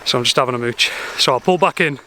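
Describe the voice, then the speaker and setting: A man's voice: medium pitch, fast talker, pushed and bright, a little hiss or hum. A man, vlogging casually outdoors while cycling with his dogs in a trailer and chatting to them. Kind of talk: casual vlog to camera.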